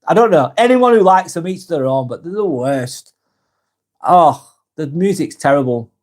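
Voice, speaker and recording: As a live vlog host, this Lancashire man from England in his forties has a voice slightly higher than most men's, a little mellow, animated and at a moderate pace. He reads viewer comments aloud casually and warmly, often pausing to restart or correct himself.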